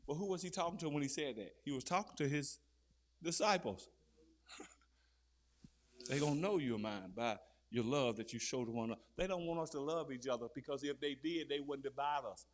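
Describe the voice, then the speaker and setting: A man delivers a fiery sermon at a brisk clip, moving from low murmurs up to loud, shouted peaks. He calls out to the crowd, repeatedly firing questions at his listeners.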